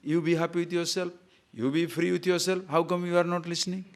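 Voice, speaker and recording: A man teaches in a lively spiritual talk, his voice sitting a little high for a man and swinging up on emphatic questions. He breaks into stories and jokes, laughs at them himself, and now and then recites Sanskrit verses. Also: brisk. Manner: animated storytelling, laughs at own jokes, rising emphatic questions.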